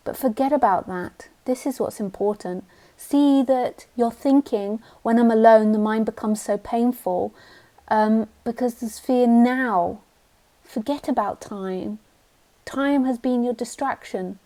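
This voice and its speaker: A woman's voice: on the high side, a little slow, mellow. A woman spiritual teacher giving a live talk, blunt and direct, sometimes mocking the mind in silly voices.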